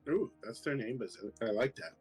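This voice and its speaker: A man's voice: medium pitch, animated, brisk, slightly rough, soft background music. A man as a player in a tabletop game, chatty and joking.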